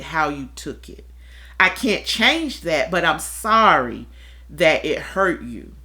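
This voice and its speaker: Slow-spoken bright-voiced woman talking earnestly. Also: sits low. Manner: earnest, candid, acts out quoted voices. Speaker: discussion panelist. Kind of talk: reflective conversational talk.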